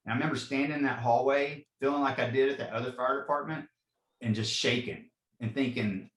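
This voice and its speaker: A man's voice: medium pitch, a little fast, fairly bright tone, roomy sound, rough recording. A man in his forties, a fire captain, earnestly telling personal stories in a podcast interview and often saying "you know". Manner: earnest, frequent "you know", repeats himself.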